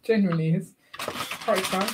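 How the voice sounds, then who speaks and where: A woman's voice: medium pitch, unhurried. A woman in her thirties, co-hosting a live building stream in a casual, teasing, slightly tired chat. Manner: chatty, teasing, a bit tired and yawning. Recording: loud clicking and clattering noise.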